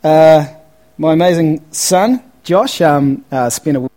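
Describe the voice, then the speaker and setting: A man's voice: a little high, animated, unhurried, warm tone, low-quality recording. A man with a New Zealand accent, chatting casually to a live audience through a handheld mic held close, full of fillers, "eh" and "man". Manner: chatty and laid-back, many fillers and "eh", "man". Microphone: handheld mic held close to the mouth.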